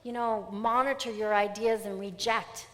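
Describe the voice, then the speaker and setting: A middle-aged woman giving an emphatic, animated motivational seminar talk. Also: mid-range voice, moderate pace. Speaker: seminar speaker. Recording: long hall reverb.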